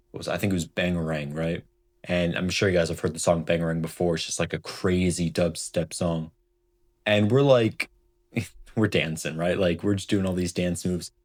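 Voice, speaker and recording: A young man with a very low voice tells a childhood story straight to camera. He rambles in a loose, casual way and keeps dropping "like" and "right?" into his sentences. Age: young adult. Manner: rambling, heavy on fillers like "like" and "right?". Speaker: storytime vlogger.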